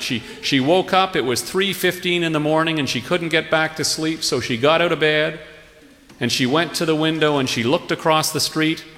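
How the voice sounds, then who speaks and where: Bright-voiced man on stage with a story, wry delivery, long hall reverb. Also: on the high side. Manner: wry, unhurried, playful emphasis. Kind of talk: live humorous storytelling. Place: theatre stage with live audience.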